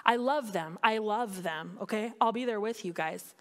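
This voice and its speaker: A woman's voice: mid-range voice, normal speed. A woman pastor preaching a sermon in a candid, conversational way, building to emphatic peaks. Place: church sanctuary.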